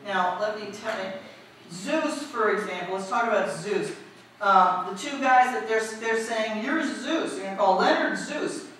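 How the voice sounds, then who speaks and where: A woman preacher giving a lively storytelling sermon, asking the congregation questions as she goes. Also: mid-range voice, moderate pace. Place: church. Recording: echoey hall, distant mic, faint noise.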